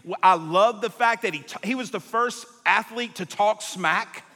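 Male preacher, bright and forceful tone, lively sermon storyteller, heard with the long echo of a big hall. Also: sits high, moderate pace, husky. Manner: animated, jumps between tangents, acts out quotes. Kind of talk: sermon storytelling to a live congregation. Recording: long reverb of a large hall.

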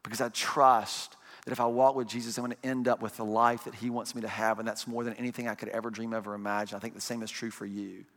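Animated man preaching in a reverberant hall. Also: fairly low pitch, fast talker, hardly any pauses. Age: 40s. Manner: animated storytelling, rhetorical questions to the congregation. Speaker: pastor. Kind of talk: sermon.

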